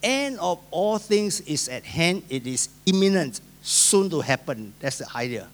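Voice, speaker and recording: A male pastor with a Singaporean accent delivers an emphatic sermon in a somewhat higher voice. He swings between loud, stressed lines and quiet asides, and acts out the people he quotes. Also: very animated, unhurried. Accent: Singaporean English.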